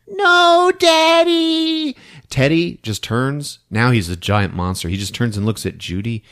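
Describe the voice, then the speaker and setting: A man's voice: lowish voice, animated, normal speed. A man hosting a podcast, recapping a movie for laughs, often laughing and breaking into character voices. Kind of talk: comedic movie recap with acted-out quotes.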